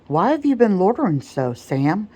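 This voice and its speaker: A woman's voice: mid-range voice, big pitch swings, normal speed, mellow, breathy edge, pitched above the performer's own voice. A woman voicing a stern, genteel plantation mistress who scolds firmly and properly, as whispered role-play in a storybook reading. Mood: scolding.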